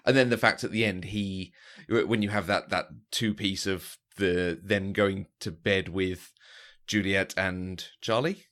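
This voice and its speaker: A man's voice: low voice, fairly even intonation, measured pace, a bit bright. A man co-hosting a podcast, chatting casually about a film and often restarting his sentences as he thinks. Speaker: podcast co-host.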